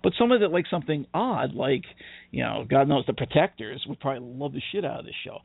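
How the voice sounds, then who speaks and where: A man's voice: mid-range voice, expressive, fast talker, gravelly, breathy edge, no room sound. A man from the United States co-hosting a podcast, talking in a rambling, profane casual chat and laughing often. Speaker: podcast co-host. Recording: dry, phone-like narrow sound.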